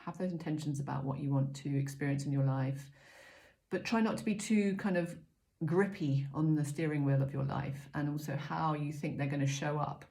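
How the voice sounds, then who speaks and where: A middle-aged woman giving a casual spiritual card reading, gentle and chatty with many pauses and ums. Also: low voice. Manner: gentle, chatty, frequent ums, self-mocking asides. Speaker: oracle card reader. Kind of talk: casual spiritual guidance talk.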